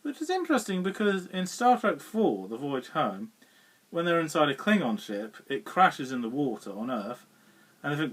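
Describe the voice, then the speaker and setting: A man with a slightly higher than usual voice talks through a film review in a loose, rambling way. He chuckles often and trips over fillers and restarts. He sits a little way back from the mic, so the sound is distant. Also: very animated, normal speed. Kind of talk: casual spoken film review.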